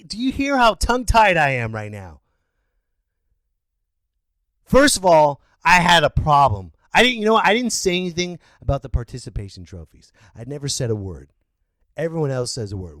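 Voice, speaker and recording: A middle-aged man rants on his podcast in a high, wildly swinging voice. He sounds incredulous and breaks into shouts now and then. The sound is dry and close. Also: no echo. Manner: incredulous, animated ranting with shouted outbursts. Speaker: podcast host. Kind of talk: ranting monologue.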